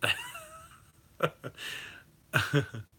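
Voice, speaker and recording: A man hosts a live stream in a loose, rambling way, with plenty of ums and the odd curse. His voice is bright and forceful. He reacts freely to what his viewers type. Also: extremely high pitch, wildly swooping pitch, extremely slow. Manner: rambling, loose, with swearing and many fillers. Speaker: livestream host reading chat. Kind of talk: casual chat.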